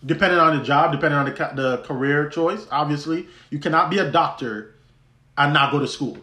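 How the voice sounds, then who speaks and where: A man's voice: on the high side, fairly quick, bright, forceful tone. Man storytelling in a roomy echo. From U.S. Virgin Islands. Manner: conversational, many restarts, laughs easily. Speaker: podcast host. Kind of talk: personal storytelling monologue.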